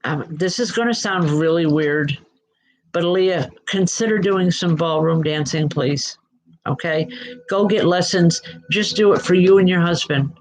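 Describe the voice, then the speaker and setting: A woman's voice: lowish voice, darkish tone, rough recording. Chatty woman giving spiritual readings. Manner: chatty, reassuring, addresses viewers by name; frequent fillers and restarts, checks in with "okay?". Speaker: psychic medium host. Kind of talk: live spiritual reading for viewers.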